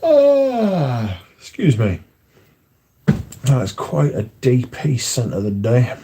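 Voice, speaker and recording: Low-key swearing man. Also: takes it slowly, vocal fry, warm tone, a little hiss or hum. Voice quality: swears freely, rambling anecdotes. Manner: chatty, repeats filler words. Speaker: livestream host. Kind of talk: casual chat with viewers.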